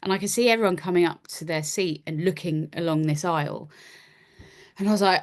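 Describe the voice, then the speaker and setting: A woman in her forties with a slightly low voice tells rambling, self-deprecating stories on a podcast. She keeps slipping into acted-out versions of herself and others, playful and easygoing. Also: fairly quick. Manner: self-deprecating storyteller, acts out her own lines. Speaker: podcast guest, actor and musician. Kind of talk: casual anecdotal chat.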